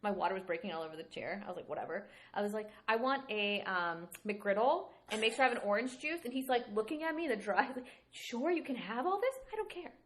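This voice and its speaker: Fast-talking animated woman co-host. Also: medium pitch. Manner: animated storyteller, acts out quoted dialogue. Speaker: podcast co-host. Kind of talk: casual chat.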